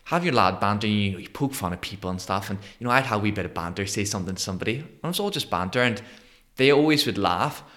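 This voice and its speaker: Northern irish man, thirties, lowish voice, lively storyteller, podcast guest. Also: fast talker. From Northern Ireland. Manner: animated, acts out quoted voices. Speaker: guest, motivational speaker. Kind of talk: conversational storytelling interview.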